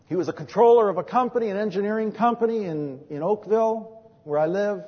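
Male preacher, earnest storyteller, high voice, muffled recording with a long church-hall reverb. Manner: earnest storytelling, acts out quoted dialogue. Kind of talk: sermon.

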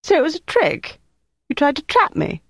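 A man reading an audiobook, voicing an indignant, flustered young woman recruit in a high, petulant voice. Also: wildly swooping pitch, brisk, a little mellow, no room sound, clean studio sound, heavily acted. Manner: shrill, high-pitched and petulant. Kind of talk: audiobook character voice.

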